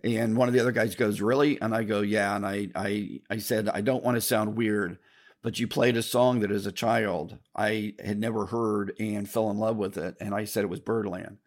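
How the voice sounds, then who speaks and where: Gravelly older man rambling to folks. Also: lowish voice, steady tone, normal speed. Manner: rambling, with restarts and mild swearing; keeps addressing listeners as folks. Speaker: podcast host telling a story. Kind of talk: casual storytelling monologue.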